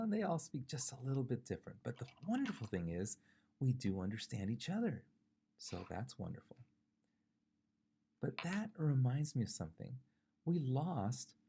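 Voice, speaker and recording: A man's voice: mid-range voice, vocal fry, warm tone, breathy edge. A male pastor from California giving a short devotional sermon, conversational and thinking aloud with fillers and rhetorical questions.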